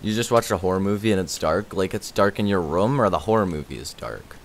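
A man chatters through a live gaming stream, reading viewer messages aloud and thanking people by name. His voice sits on the lower side but leaps all over the place as he gets excited. Faint hiss underneath. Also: fairly quick.

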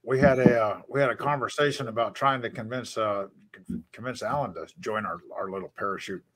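A man chatting casually as a guest, who stammers and lets his sentences fade out quietly. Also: on the low side, a little fast. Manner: stammering, trails off quietly at phrase ends. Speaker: guest on a livestream. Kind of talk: casual chat. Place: at home.

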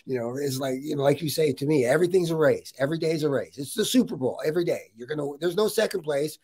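A middle-aged man chats casually as a podcast host. His voice sits fairly high for a man, and he tells his story with plenty of energy and a lot of "dude.". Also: fast, slightly rough. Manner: animated storytelling, says "dude" often. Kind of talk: casual interview chat.

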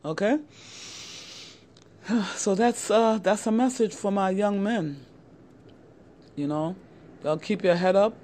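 Talking to camera, a middle-aged channel host offers young men earnest advice, repeating herself and frequently addressing them as "guys." Her voice sits on the low side, and there's a little hiss or hum in the audio.

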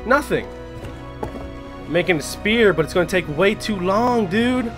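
A man giving live gameplay commentary, excitable and profane, talking to himself as he plays. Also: high-pitched, a little slow, over music. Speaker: gaming streamer.

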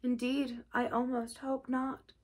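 A woman's voice: high voice, monotone, takes it slowly, voice pushed up. A woman doing a feeble, self-pitying old toad. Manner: faint, drooping, sighing delivery.

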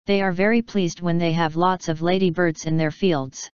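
A woman's voice: fairly low pitch, fairly even intonation, normal speed, darkish tone, smooth, no echo, close to an everyday voice. A woman voicing a modest, genteel female ladybird who speaks politely and a little primly. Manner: polite, prim and refined. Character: genteel, modest female ladybird, proud of her nine spots. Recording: slightly dull, dry recording.

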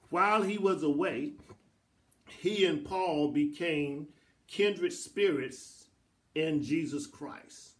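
With a fairly high-pitched male voice, a middle-aged pastor teaches a Bible study in the church sanctuary. His delivery repeats in a preacher's cadence, building up to emphatic peaks.

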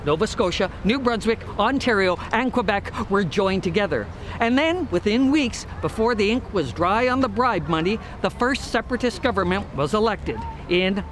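Wry high-voiced man hosting. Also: background noise. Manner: wry, explanatory. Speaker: host. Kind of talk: scripted comedy narration.

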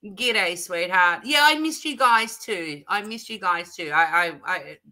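A woman's voice: mid-range voice, animated, measured pace, sharp tone. An Australian woman hosting a live craft stream from her craft room, chatty and bubbly, laughing often as she greets people. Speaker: livestream host. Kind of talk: casual live chat greeting viewers.

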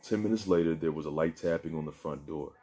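A man reading aloud from a novel in a steady, subdued way. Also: a bass voice, fast. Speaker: narrator reading his own novel. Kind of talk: book reading.

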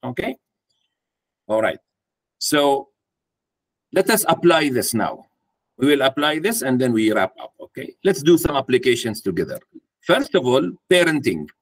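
A man's voice: mid-range voice, very animated, moderate pace, long pauses. A man speaking to a live audience at a mentoring workshop, putting questions to the room and acting out a parent talking to a child. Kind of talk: interactive workshop talk.

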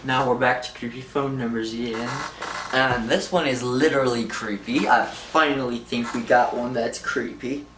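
A man's voice: medium pitch, steady tone, normal speed. A young man rambling in a casual vlog, giggling a lot. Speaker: vlogger. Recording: roomy, from far off, faint noise.

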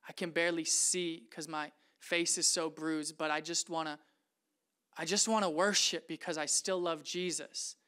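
A pastor putting on a weary, faithful apostle. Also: male voice, a little high, steady tone, moderate pace. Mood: tender. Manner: laid-back, chatty, turning quiet and earnest. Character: weary, steadfast male apostle in prison.

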